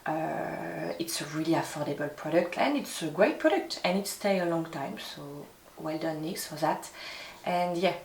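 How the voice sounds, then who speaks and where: A woman with a French accent, a native French speaker, narrating a makeup tutorial in a soft, careful way, with small restarts and slips in English. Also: low-pitched, vocal fry, a little hiss or hum. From France. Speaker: beauty vlogger.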